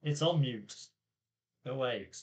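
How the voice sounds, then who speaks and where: A man's voice: mid-range voice, expressive, unhurried, a little mellow. A man with a nasal voice co-hosting a casual live stream from a small home office, giving dry, laughing retorts. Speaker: co-host. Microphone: replacement microphone. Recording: dull lo-fi microphone audio.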